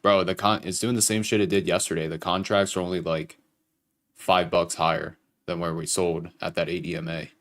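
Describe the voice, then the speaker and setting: Man, young, low voice, casual and profane, livestream trading host. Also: level tone, moderate pace, a bit bright. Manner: casual and profane, explains trades to chat.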